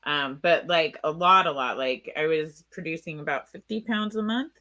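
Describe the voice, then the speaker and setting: A woman's voice: deep voice, moderate pace, bright, forceful tone. A woman guest in a casual interview, blunt and wry, laughing at her own jokes.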